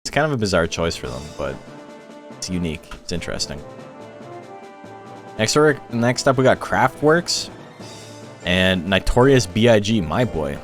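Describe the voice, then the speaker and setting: A man with a fairly low voice commentates video game battles for his stream in an easy, chatty way. He laughs often while telling stories. Soft game music plays faintly behind him. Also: sing-song, moderate pace, pauses often. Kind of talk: casual live-stream commentary.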